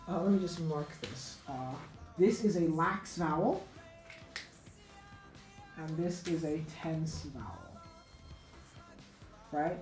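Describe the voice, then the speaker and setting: A woman teaching an unscripted grammar lesson, halting and correcting herself, with many fillers. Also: lowish voice. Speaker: English teacher. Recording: echoey room with faint music.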